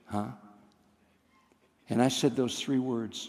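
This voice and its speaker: A man's voice: mid-range voice, slow, long pauses, a little mellow. An older man telling a personal story on stage with wry, understated humor. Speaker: storyteller comedian. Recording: long reverb of a theater hall.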